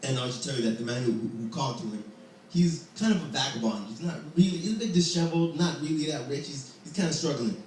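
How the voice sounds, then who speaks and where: A man's voice: medium pitch, animated, fast talker, a little mellow, a little hiss or hum. A man telling a folktale live, playful, with chatty asides to the audience. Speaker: storyteller. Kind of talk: live storytelling. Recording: echoey hall from far off.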